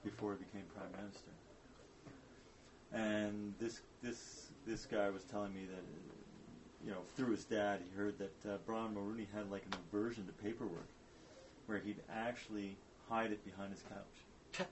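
Low-voiced man telling an anecdote off-mic. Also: level tone, normal speed. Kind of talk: casual anecdote in group chat. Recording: distant mic with loud noise.

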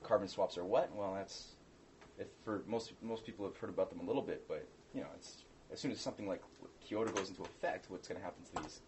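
A man's voice: low-pitched, fast talker, a little mellow, a little hiss or hum. A man co-hosting a casual political chat, rambling and hesitant with many restarts.

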